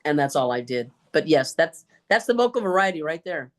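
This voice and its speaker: A woman speaker answering questions on a video call, with an animated storytelling delivery. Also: sits low, normal speed. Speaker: guest speaker. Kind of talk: Q&A answers in an online meeting.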